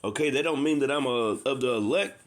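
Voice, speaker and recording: A man's voice: medium pitch, fairly quick. Impassioned man preaching informally. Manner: impassioned, repetitive, says "man" often; reads scripture aloud between talk. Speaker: street preacher.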